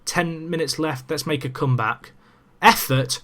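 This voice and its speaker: A young man commentating a let's-play talks into his desk microphone at a medium pitch and moderate pace. This gaming commentator is loose and chatty, gets excited easily, and teases himself in asides.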